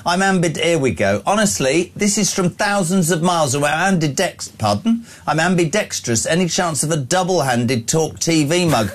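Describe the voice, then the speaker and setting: A man in his sixties hosting a talk radio show, reading out listener messages in a playful, animated, teasing way. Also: a little high, normal speed, few pauses. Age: 60s.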